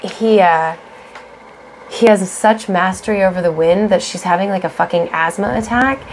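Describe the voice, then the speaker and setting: A young woman co-hosting a casual podcast chat, gushing excitedly and swearing freely as she talks. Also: medium pitch, normal speed, slight background noise. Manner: excitable, swears a lot, gushes and shouts when worked up. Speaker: podcast co-host.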